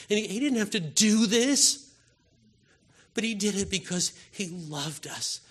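A man preaching a sermon with passion, moving from hushed, soft lines to loud, urgent calls to his listeners. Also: high voice, expressive, normal speed. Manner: impassioned, swings from hushed to loud exhortation.

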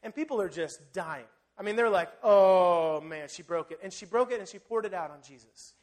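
A man preaching a sermon in a conversational, animated way, speaking directly to his listeners. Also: high-pitched, fairly quick.

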